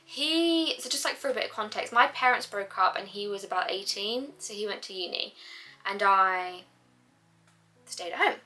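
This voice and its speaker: A woman's voice: medium pitch, moderate pace, pushed and bright, soft background music. A young woman talking casually to camera about her own life, chatty and full of "like", acting out her own reactions as she goes. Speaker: vlogger. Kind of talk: casual personal talk to camera.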